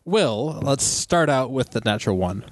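A man narrating as game master of a tabletop game, talking haltingly with many pauses and restarts. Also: medium pitch, animated, dry recording.

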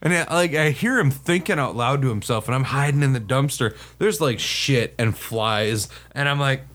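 A man's voice: mid-range voice, normal speed, fairly bright tone. A man casually telling a crude army story, laughing often and swearing freely.

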